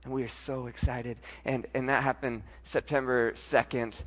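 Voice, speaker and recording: A man preaching a sermon and telling an emotional personal story, moving between loud outbursts and hushed, tearful passages. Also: medium pitch, little pitch movement, normal speed, long reverb tail. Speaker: pastor.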